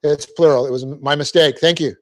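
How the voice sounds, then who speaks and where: In a church classroom, a middle-aged Bible teacher lectures on Greek grammar in a steady voice that sits a little high for a man. He works through it step by step, keeps asking "okay?" to make sure the class is following, and laughs easily at his own mistakes.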